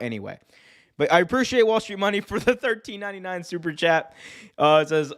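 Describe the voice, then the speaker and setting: A man's voice: sits high, big pitch swings, a little fast, a bit bright. A man hosting a live wrestling stream, talking in a loose, rambling way, swearing often and laughing easily as he reads chat. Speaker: host.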